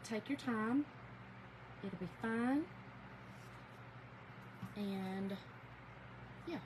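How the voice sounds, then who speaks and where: A woman's voice: medium pitch, noisy background. Chatty Southern woman livestreaming crafts. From Georgia, US South. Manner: chatty, folksy, laughs often, talks straight to viewers. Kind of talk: casual livestream chat.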